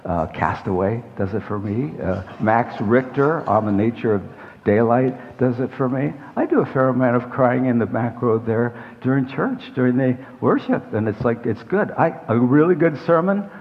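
A man's voice: medium pitch, moderate pace. A man in his sixties preaching a sermon in a conversational, rambling way, with self-deprecating asides. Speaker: pastor. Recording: echoey hall, dull lo-fi sound.

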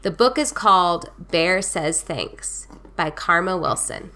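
A woman hosting a children's storytime podcast, talking in a gentle, friendly, unhurried way. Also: fairly low pitch, expressive. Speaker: podcast host.

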